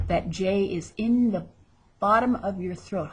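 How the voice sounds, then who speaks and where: This woman's mid-range voice moves at a moderate pace over slight background noise. She's a Spanish teacher in a recorded lesson, drilling vocabulary with overdone pronunciation of each word and chatting in asides between repetitions.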